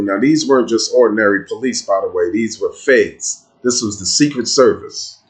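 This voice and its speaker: Streetwise man telling a story. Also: lowish voice. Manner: conversational, streetwise, emphatic. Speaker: host telling a personal story. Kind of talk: casual storytelling monologue.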